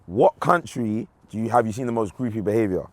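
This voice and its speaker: A man's voice: lowish voice, fairly quick, no echo. A man hosting a casual podcast chat, teasing and cutting in with questions. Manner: teasing, interrupting, excitable. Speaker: podcast host.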